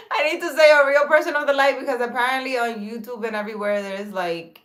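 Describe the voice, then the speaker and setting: An animated spiritual healer with a high, fairly bright voice speaks at a moderate pace to her viewers. She rambles casually, reading their comments aloud and answering them, with lots of fillers and restarts.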